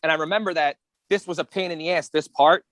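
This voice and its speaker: A man's voice: fairly high pitch, steady tone, quick pace, fairly bright tone, no room sound. A man who coaches kids' wrestling, co-hosting a podcast in casual chat with brash, swearing banter.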